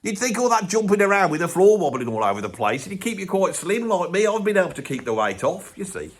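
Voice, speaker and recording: A man's voice: high voice, very animated, quick pace, husky, heavily acted. A man playing a grumpy older man from Birmingham with a Birmingham accent, ranting bluntly and swearing in a comic monologue. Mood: grumbling rant. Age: 70s. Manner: blunt, grumbling, swears constantly. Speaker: comic character.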